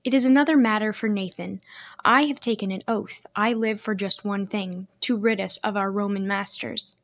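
A woman's voice: on the high side, normal speed. A woman reading an audiobook, voicing a proud, bitter young man who snaps and broods. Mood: curt. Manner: curt, brooding, snapping. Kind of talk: audiobook character voice.

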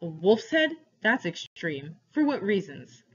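Gruff, mocking bearded giant, read by a woman; booming questions, husky edge. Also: animated, moderate pace, fairly bright tone. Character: big gruff bearded man, mocking and stern. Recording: dull lo-fi recording.

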